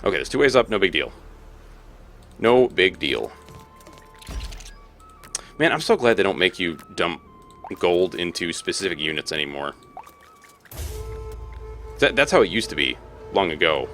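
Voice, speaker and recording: A man's voice: sits low, very animated, a little slow, long pauses, a bit bright, soft background music. A young man casually commenting on his own gameplay as a let's play host, thinking aloud and laughing often.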